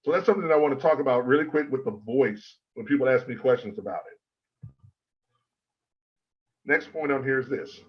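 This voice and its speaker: Measured, emphatic male presentation coach. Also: mid-range voice, muffled recording. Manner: measured and emphatic, lists in threes. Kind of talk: prepared presentation.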